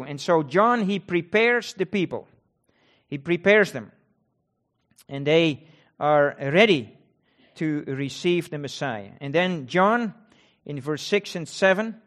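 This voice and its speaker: A man's voice: fairly high pitch, fairly bright tone. A man preaching a sermon, repeating key words and reading scripture with rising emphasis.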